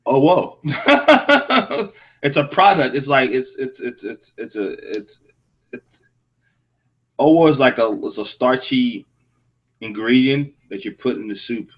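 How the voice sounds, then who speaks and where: A man from Africa co-hosting a casual chat, telling stories in an animated, slangy way. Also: medium pitch, measured pace, long pauses, muffled recording. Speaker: co-host. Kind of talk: casual live-show chat.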